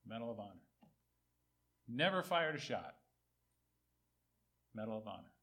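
A man preaching a sermon, repeating key phrases for emphasis, rising on quoted words and dropping low on asides. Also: big pitch swings, measured pace. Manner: rises high and loud on quoted speech, drops low on asides.

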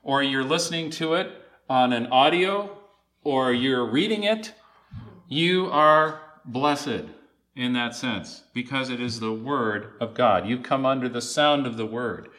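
Guy preaching a sermon real slow, stops and restarts sometimes, mid pitch. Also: a bit bright.

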